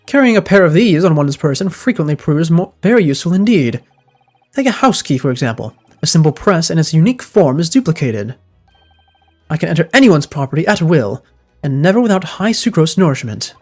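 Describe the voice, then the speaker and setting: A man reading aloud the lines of an eccentric, self-assured gentleman detective in a grandiose, wordy manner, with faint game music behind. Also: fairly high pitch, big pitch swings, fairly quick. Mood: lofty.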